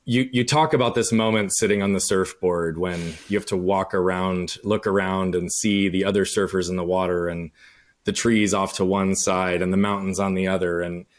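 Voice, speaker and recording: Calm deep-voiced male host. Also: normal speed. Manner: calm, reflective, affirming. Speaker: podcast host. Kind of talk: interview questions.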